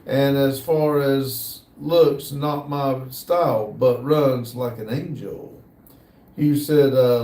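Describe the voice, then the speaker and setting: An American man hosting a livestream, casually reading viewer comments aloud in an easygoing, hesitant way with many pauses. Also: mid-range voice, steady tone, mellow, far from the mic. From United States. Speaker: livestream host. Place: workshop building near a shop area. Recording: roomy sound, voice from off the mic.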